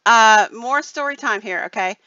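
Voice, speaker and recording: A woman's voice: fairly high pitch, normal speed, bright, forceful tone, clear, resonant tone, dry recording. A woman hosting a live stream in casual chat, rambling and reading viewer comments, often checking in with "okay?". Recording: dull lo-fi dry sound.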